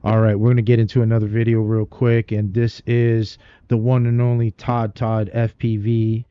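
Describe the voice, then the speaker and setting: A man's voice: fairly low pitch, completely flat delivery, moderate pace, few pauses, clean tone, lo-fi sound, faint music behind. A man hosting a live stream, easygoing and agreeable as he introduces videos. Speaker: stream host. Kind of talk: casual live-stream chat.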